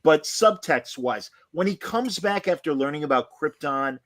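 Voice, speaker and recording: A man's voice: a little high, lively intonation, normal speed, fairly bright tone, dry recording. A man on a podcast who critiques a film with sarcasm and mimics the characters. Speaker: podcast co-host. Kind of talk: casual movie review chat.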